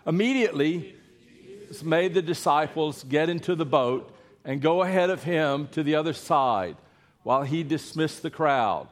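A man's voice: on the high side, lively intonation, moderate pace. A man, a preacher giving a sermon and coaxing his congregation to read scripture aloud with him. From Eastern North Carolina. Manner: playful, coaxing the congregation, then hushed and earnest. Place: church before a congregation.

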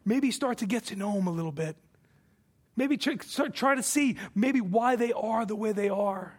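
A man preaching a sermon from the pulpit, emphatic, his voice swelling for quoted scripture and dropping low and soft on key points. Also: normal speed, husky. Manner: emphatic preaching, rising and falling in volume. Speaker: pastor.

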